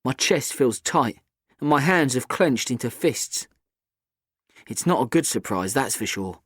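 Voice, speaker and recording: A man's voice: mid-range voice, lively intonation, a little slow, a bit bright, breathy edge, no echo, clean studio sound. A man giving scripted first-person audiobook narration in a glum, tense storytelling manner.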